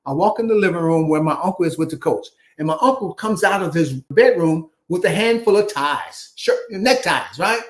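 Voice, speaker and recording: A former basketball player in his seventies from Chicago, appearing as an interview guest, tells his life story and animatedly acts out each voice in it. His voice is fairly high, at a moderate pace with hardly any pauses.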